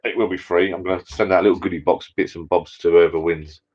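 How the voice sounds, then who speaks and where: A man's voice: sits low, steady tone, fast, muffled recording. A man hosting a casual live stream, rambling chattily and reading out viewer comments.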